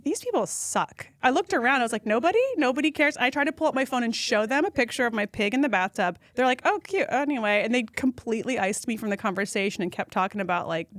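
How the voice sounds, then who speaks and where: Woman yapping stories on a podcast, fairly high voice, dry close sound, acts out every quote. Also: fast talker, few pauses, dry recording. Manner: animated storyteller who acts out quotes in a high voice. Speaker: podcast guest. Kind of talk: casual storytelling chat.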